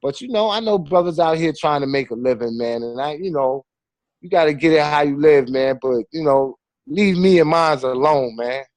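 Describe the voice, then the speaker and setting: A man's voice: a little high, moderate pace, no echo. Man, filmmaker guest, chatty, storytelling with slang and acted quotes, dry close sound. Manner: animated storyteller with street slang. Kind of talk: casual conversation.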